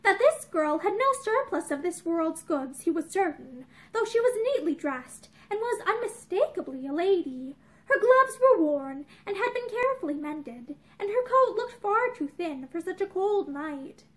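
A woman's voice: very high-pitched, big pitch swings, moderate pace. A young woman reading a novel aloud expressively, with small restarts, in a room with bookshelves. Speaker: reader of a novel.

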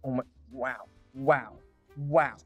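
A man's voice: mid-range voice, steady tone, slow pace, husky, narrow, tinny audio, faint music behind. A man hosting a casual cooking chat in a home kitchen, tipsy and playfully teasing his guest. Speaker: host.

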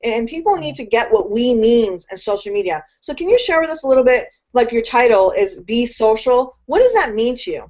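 A woman's voice: fairly high pitch, lively intonation, fairly quick, few pauses, a little mellow. A woman hosting an interview show, bubbly and enthusiastic, gushing over her guest. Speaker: show host. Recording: dull lo-fi web broadcast.

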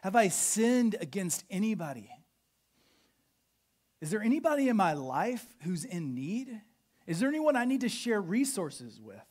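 Pastor, sermon, animated teaching, voice rising and falling a lot. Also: mid-range voice, unhurried. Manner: animated teaching, explains church history with questions to the congregation. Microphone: podcast recording of a live sermon.

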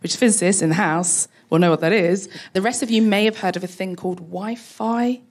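A woman speaking as a guest on a live podcast panel, talking fast and with enthusiasm. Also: medium pitch, noisy background. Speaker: guest tech founder. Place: live audience at a museum event.

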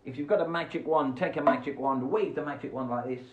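A man's voice: a little high, fast talker, echoey room, lo-fi sound, background noise. A man hosting a live-streamed children's show from home, playful and silly, recorded on a phone. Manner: animated, jumps between voices and asides. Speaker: children's radio host. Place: at home beside a window. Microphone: phone camera.

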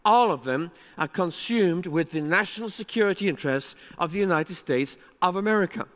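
A man giving a conference keynote speech, animated and emphatic, with rising exclamations. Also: sits high, brisk. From England. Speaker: keynote speaker. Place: large conference hall. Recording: reverberant hall.

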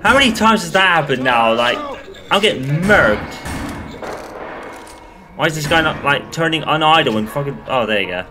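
A man's voice: fairly high pitch, animated, normal speed, long pauses, music in the background. A young man giving live commentary over a co-op zombie game, exasperated and swearing often. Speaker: gaming channel host.

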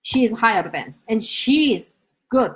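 Woman, Korean teacher, higher voice, animated, mixes Korean and English. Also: measured pace, breathy edge. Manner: uneven English grammar. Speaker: Korean language teacher, host. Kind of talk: live-stream language lesson.

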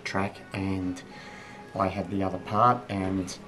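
A middle-aged man with a very low, deep voice, a voiceover artist who hesitates and halts through his anecdote. Music plays clearly behind him. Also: little pitch movement. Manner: hesitant, halting with many ums. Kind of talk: mockumentary interview anecdote.

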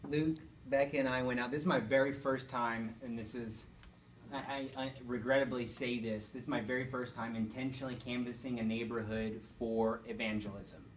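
Enthusiastic pastor, off-mic. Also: male voice, medium pitch, fairly even intonation, moderate pace. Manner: rambling, self-correcting, enthusiastic. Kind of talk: casual storytelling to a group. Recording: distant mic, faint background noise.

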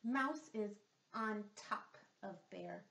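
The voice here is medium-pitched, creaky, and fairly bright: a woman speech therapist reading a picture book very slowly to young children. She asks them patient, sing-song questions as she goes, in an echoey room.

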